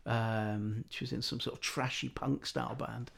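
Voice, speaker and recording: Middle-aged male storyteller, gravelly and lively, chatty anecdotes. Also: mid-range voice, normal speed. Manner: animated storytelling, acting out quoted voices. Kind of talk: casual anecdotal chat.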